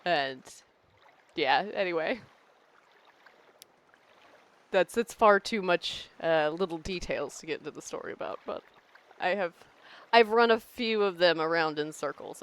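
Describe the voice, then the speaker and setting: A woman's voice: fairly low pitch, normal speed, fairly bright tone. A woman game streamer talking in casual live-stream chat, rambling and laughing often.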